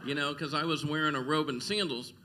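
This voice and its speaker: A man doing a stand-up comedy set on a club stage, delivering deadpan one-liners. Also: on the high side, fairly quick, crowd noise.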